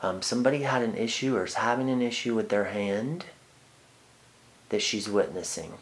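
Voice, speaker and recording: Male medium, lowish voice, halting delivery full of ums and restarts during a sitter reading. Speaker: psychic medium. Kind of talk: one-on-one spirit reading.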